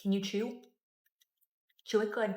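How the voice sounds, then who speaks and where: A woman talking calmly and patiently as a parent, mixing dry humor into everyday parenting skits and advice. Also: mid-range voice, unhurried. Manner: calm, patient, dryly wry. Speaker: parent content creator.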